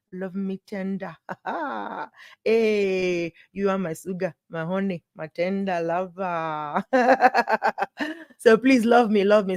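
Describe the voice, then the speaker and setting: A woman's voice: mid-range voice, no echo, clean studio sound. A woman, speaking and then hosting on a livestream, playful and effusive, reading viewer comments aloud. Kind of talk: lively livestream talk to viewers. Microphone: webcam setup, speaking to camera.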